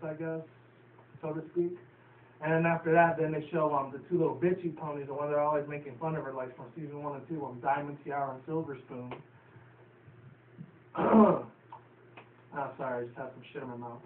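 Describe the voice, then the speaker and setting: A man from New York City casually recapping a cartoon episode, rambling with lots of fillers and swearing. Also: a little high. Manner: profane, filler-heavy, chatty. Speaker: show reviewer. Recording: tinny, roomy, distant, faint hiss.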